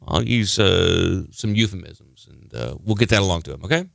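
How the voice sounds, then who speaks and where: A man hosting a call-in comedy podcast, teasing callers in a deadpan, wisecracking way. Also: sits low, normal speed, gravelly, no echo, studio quality. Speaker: podcast host. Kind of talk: comedic call-in talk show.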